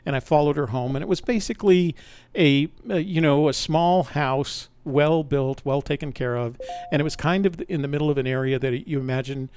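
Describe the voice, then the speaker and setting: A man's voice: a little high, moderate pace, darkish tone, slight background noise. An older man, a podcast host, telling a personal story in a rambling, conversational way, often correcting himself mid-sentence.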